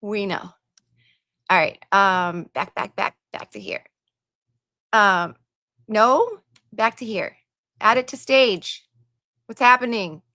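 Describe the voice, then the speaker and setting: A woman's voice: mid-range voice, slow, long pauses, sharp tone, no room sound, studio quality. A woman hosting a livestream, chatting casually and reading viewer donations and messages aloud with her own asides.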